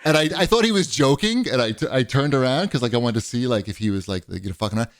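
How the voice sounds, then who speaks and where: A man chatting casually as a podcast co-host, spinning a long rambling story and jumping up in pitch whenever he acts out what someone else said. His voice sits at a middling pitch, and the recording is close and dry with no room sound. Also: fast, dry recording. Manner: rambling storyteller, animated when quoting others. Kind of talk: casual chat.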